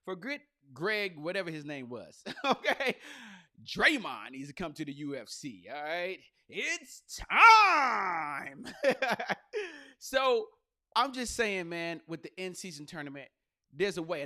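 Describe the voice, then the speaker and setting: A male comedian hosting a podcast riffs through a loose, profane monologue, slipping into quick voices and asides. His voice is on the high side with a sharp tone.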